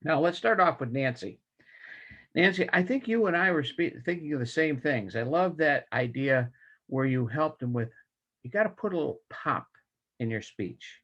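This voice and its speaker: A man's voice: a little high, moderate pace. Enthusiastic older man on a lo-fi call. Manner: enthusiastic, folksy, animated delivery. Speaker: general evaluator. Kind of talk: club meeting evaluation. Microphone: video call. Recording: dull lo-fi video call audio.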